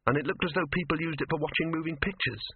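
A narrator voicing an earnest young hero. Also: male voice, a little high, racing, slightly rough, no room sound, voice pushed up. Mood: reassuring. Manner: earnest, encouraging. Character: anxious, earnest young man. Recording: tinny lo-fi dry audio.

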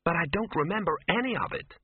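A bewildered, frightened young woman, as a male narrator puts her on speaks uncertainly and tries hard to stay reasonable. The husky voice comes through a tinny, dry, phone-like recording. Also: high voice, lively intonation, fast talker, no room sound, pitched above the performer's own voice.

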